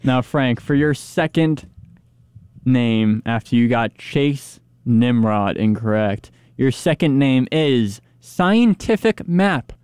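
Slow-talking young male game host. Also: mid-range voice, expressive, a little mellow, clean tone, no echo, studio quality. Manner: laughs often, slow deliberate questions. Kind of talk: game show banter.

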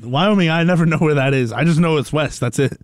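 A man playing along in a casual quiz, tossing out quick offhand remarks. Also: on the high side, no room sound. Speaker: quiz player. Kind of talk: casual chat.

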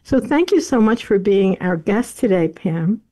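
A woman hosting a talk show, introducing her guest in a measured, formal way before interviewing her. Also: mid-range voice, lively intonation, mellow. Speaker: radio show host.

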